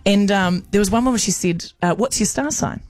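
A woman with a New Zealand accent, a radio host and touring comedian, telling animated stories in casual on-air chat. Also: medium pitch, brisk, no echo, faint music behind. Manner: animated storytelling with chatty asides.

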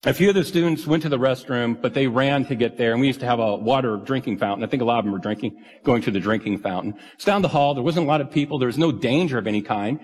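A man's voice: medium pitch, fast, hardly any pauses, a little mellow, husky. A male pastor giving a sermon in an earnest, conversational, self-deprecating way. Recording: reverberant church hall.

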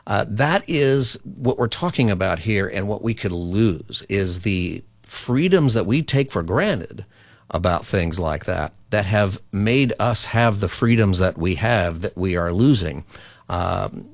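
A male radio talk show host with a lowish voice, talking callers through his views in an earnest, explaining way, often doubling words as he thinks. The sound is close and dry, with no room around it. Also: lively intonation, a little slow, dry recording.

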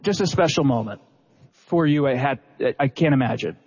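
A man's voice: medium pitch, lively intonation, darkish tone, breathy edge. Heartfelt man asking a question. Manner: heartfelt, halting. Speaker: press conference questioner. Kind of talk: earnest question to a guest. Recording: dull recording in a reverberant hall.

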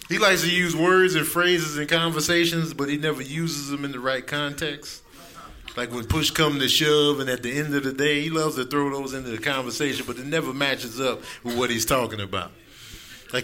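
A man's voice: a little high, normal speed, pauses often, crowd noise. A man in his thirties doing a stand-up comedy set, acting out characters in raised voices.

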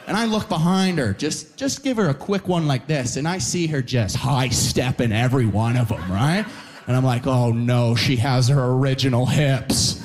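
Canadian comic guy on stage, lively story, keeps saying right? you know?, yells squeaky voices for the other people. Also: moderate pace, noisy background. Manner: animated storyteller, shouts high-pitched impressions, tag questions. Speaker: stand-up comedian. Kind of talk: stand-up comedy set.

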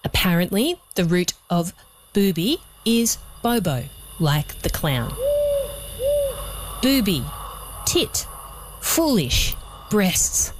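A woman's voice: fairly low pitch, very animated, takes it slowly, long pauses, a little hiss or hum. A woman with an Australian accent hosting a produced radio feature, wry and playful with jokey asides. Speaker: host. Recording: music bed underneath.

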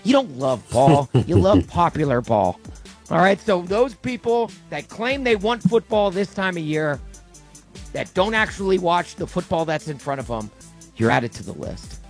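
A man's voice: high-pitched, sing-song, moderate pace, soft background music. Sarcastic man ranting on a podcast. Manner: mock-outraged, sarcastic, does silly quoted voices. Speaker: podcast co-host. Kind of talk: comedic rant segment.

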